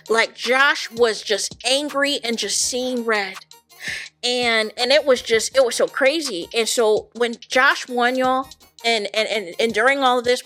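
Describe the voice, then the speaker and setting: A woman with a high, bright, forceful voice recaps reality TV in a casual, animated commentary. She talks straight to her viewers, stacking repeated words for emphasis. Faint music sits low behind her. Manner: animated, addresses viewers as "y'all". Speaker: reality TV reaction host.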